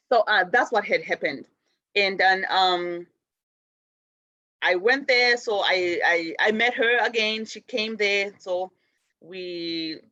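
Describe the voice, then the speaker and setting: A middle-aged woman hosting a spiritual show, teaching gently in a loose, rambling way with many restarts. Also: mid-range voice, no room sound, lo-fi sound.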